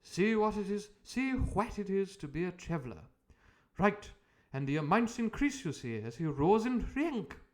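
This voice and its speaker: A man voicing an excitable, educated country doctor who talks in a brisk, eager, explaining way. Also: high-pitched, pitched above the performer's own voice.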